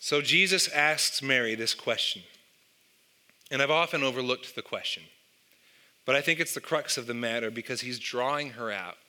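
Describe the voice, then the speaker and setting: A man's voice: medium pitch, normal speed, pushed and bright. A man preaching a sermon, telling an illustration and asking the listeners rhetorical questions. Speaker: pastor.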